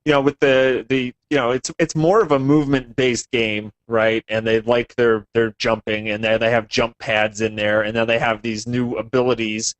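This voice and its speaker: Relaxed guy chatting, dry sound. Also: mid-range voice, normal speed, hardly any pauses, no echo, low-quality recording. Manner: relaxed, lots of fillers and "you know". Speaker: co-host. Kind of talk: casual gaming show chat.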